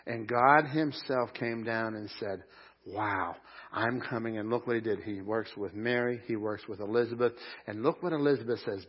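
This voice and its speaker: A man preaching a sermon at a live church service, animated, swinging from loud shouts of joy to quiet asides. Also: mid-range voice, dull audio. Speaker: pastor.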